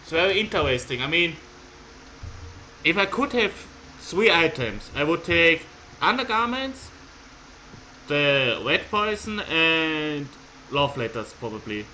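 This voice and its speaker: A man giving playful, excitable let's play commentary while reading game text aloud. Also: fairly high pitch, takes it slowly, slight background noise, poor audio. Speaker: gameplay commentator.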